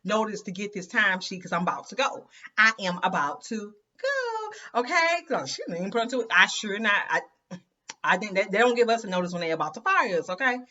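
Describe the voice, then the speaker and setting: A woman's voice: medium pitch, expressive, quick pace, pushed and bright, muffled recording. A woman telling her story to viewers in a chatty, emphatic way, often calling them "you guys" and "girl". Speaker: host of an inspirational women's channel.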